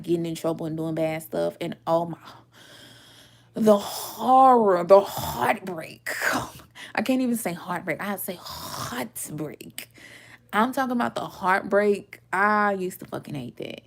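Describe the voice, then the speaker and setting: Woman, mid-20s, tarot reader, casual storytelling, lively delivery, low-ish voice. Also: normal speed, vocal fry. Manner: animated, swearing, laughing often, acts out quotes.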